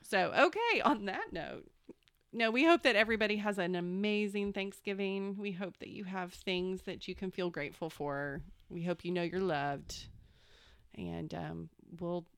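A woman's voice: mid-range voice, normal speed, clean tone, no echo, clean studio sound. A woman co-hosting a casual podcast chat, affirming the others and closing the show. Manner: warm affirming, speaks of God. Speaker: podcast co-host.

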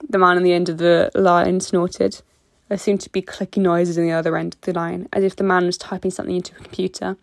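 A woman reads a story aloud at a steady pace. Her voice has a gravelly fry to it. The recording is dry and close to the mic. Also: lowish voice, fast, no echo. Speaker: reader. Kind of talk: fan fiction audiobook narration.

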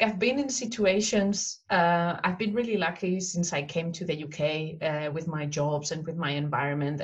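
A woman's voice: deep voice, breathy edge, lo-fi sound. A woman hosting an interview podcast, talking casually and reacting with sympathy. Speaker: podcast host.

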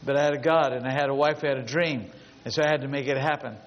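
A man's voice: mid-range voice, fairly even intonation, quick pace. A man preaching a sermon as a pastor, telling stories emphatically and building long repetitive lists. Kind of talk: storytelling sermon. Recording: dull lo-fi sound with long hall reverb.

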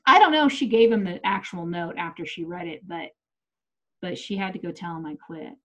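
A middle-aged comedian talks briskly in a lowish, slightly bright voice. It's casual, unedited chat, and she tells her stories bluntly with plenty of swearing.

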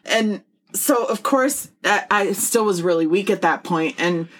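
A middle-aged woman co-hosts a casual chat in an animated, blunt way. She laughs easily and does not hold back on swearing. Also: mid-range voice, measured pace. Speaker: podcast co-host.

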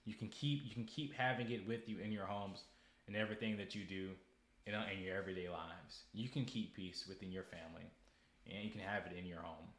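In a casual monologue, a young podcast host with a fairly low, slightly bright voice stumbles over and repeats words as he becomes preachy and heated. The room is echoey, so his voice rings around it.

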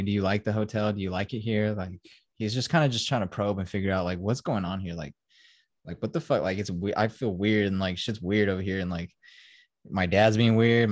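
A young man with a fairly low voice hosts a casual podcast, animatedly retelling a film scene by scene with plenty of swearing and acted-out quotes. The clean studio recording has no room sound, and the talk is a casual film-review chat.

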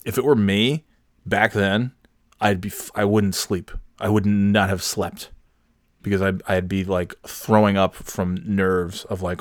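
Low-voiced man ranting with profanity. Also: a little slow, no echo, clean studio sound. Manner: profane, animated storytelling. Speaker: podcast host, parent. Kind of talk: casual ranting monologue.

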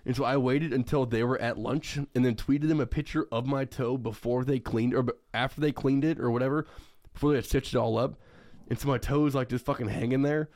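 A man's voice: mid-range voice, fairly even intonation, a little fast, a little mellow. A young man co-hosting a podcast, telling a story casually, swearing a lot and laughing often. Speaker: podcast co-host.

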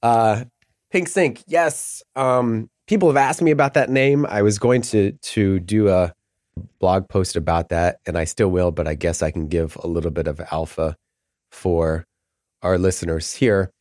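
A man's voice: deep voice, a little slow, darkish tone, dry recording, clean studio sound. A middle-aged man talking as a podcast guest in casual, rambling chat, often laughing mid-sentence.

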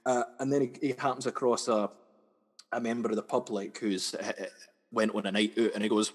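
A young Scottish man, a sketch comedian, chats freely as an interview guest and often stumbles and repeats himself. His voice sits at an ordinary pitch. It rings out with a long hall reverb. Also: brisk, breathy edge. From Scotland, West Coast. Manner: chatty, repeats words and restarts often. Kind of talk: casual interview chat.

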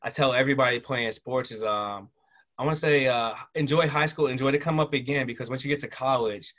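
A middle-aged man telling stories from his past in a relaxed, rambling way, full of fillers and restarts. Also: mid-range voice, fairly quick. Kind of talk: casual interview storytelling.

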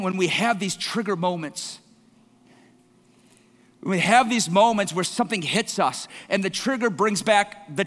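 A male pastor giving an earnest sermon, moving from soft, quiet passages to impassioned, repeated declarations. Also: high-pitched. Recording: church hall with long reverb, worship music behind. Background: instrumental worship music.

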